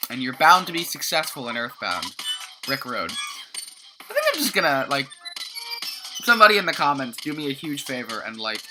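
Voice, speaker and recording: This let's play commentator is a young woman with a bass voice who has just woken up and sounds tired. She chats about the game she's playing in a sleepy, self-mocking way, frequently stumbling over words. Game music runs beneath her in a noisy background.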